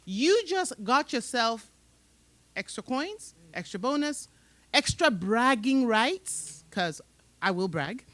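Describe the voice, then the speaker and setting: A woman's voice: a little high, very animated, takes it slowly, a bit bright, dry recording. A woman with a mixed, hard-to-place accent, giving an emphatic motivational career talk on a conference stage and laughing often. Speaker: panel moderator at a professional summit.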